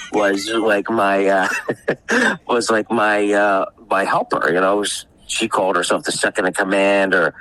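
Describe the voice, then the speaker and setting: A man's voice: lowish voice, a bit bright, slight background noise, rough recording. A man telling a rambling, profane story on a casual podcast, often acting out the people he quotes. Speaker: guest storyteller.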